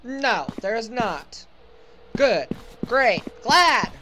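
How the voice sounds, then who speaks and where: High-voiced sarcastic woman gamer. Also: sing-song, very slow, noisy background. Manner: sarcastic, joking, talks to the game. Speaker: let's play gamer. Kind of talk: casual gameplay commentary.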